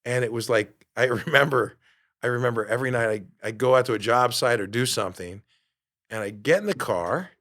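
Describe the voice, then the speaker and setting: A middle-aged man hosts a motivational podcast at a mid-range pitch, the kind that sits right in the usual range for a man. He talks in an emphatic, preachy way, firing rhetorical questions at his listeners and swearing casually. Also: fairly quick, fairly bright tone. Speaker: podcast host.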